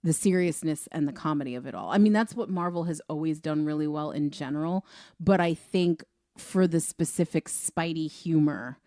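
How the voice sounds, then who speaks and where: A woman co-hosting a film review podcast in a chatty, animated way. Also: sits low, normal speed, no echo, studio quality. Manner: chatty, animated, laughs easily. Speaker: podcast co-host. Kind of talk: casual film review chat.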